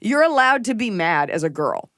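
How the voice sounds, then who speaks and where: A blunt woman comedian hosts a casual podcast chat, with a gravelly fry running through her speech. She swears freely and acts out the people in her stories. Her voice sounds close and dry. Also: mid-range voice, sing-song, normal speed, a bit bright, no room sound. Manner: blunt, profane, storytelling with acted-out quotes. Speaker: podcast host and stand-up comedian.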